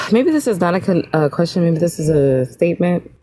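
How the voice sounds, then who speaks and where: A woman's voice: lowish voice, animated, a little slow, a little mellow, slight background noise. A woman calling into a livestream, earnestly making a point. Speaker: caller. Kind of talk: casual call-in chat.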